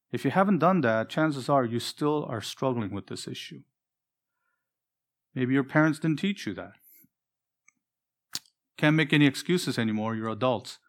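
A male pastor delivering a sermon with earnest conviction. He slows down and stretches important phrases for weight and keeps turning to his listeners with pointed questions. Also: mid-range voice. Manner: earnest, preacherly, with drawn-out emphatic phrases; asks the congregation direct questions.

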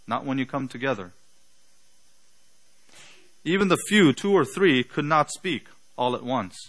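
Bright, forceful preacher with a slight accent. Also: male voice, medium pitch, expressive, poor audio. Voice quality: slight non-native accent. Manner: slow, deliberate speaker with emphatic rhetorical questions. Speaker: pastor. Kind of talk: sermon.

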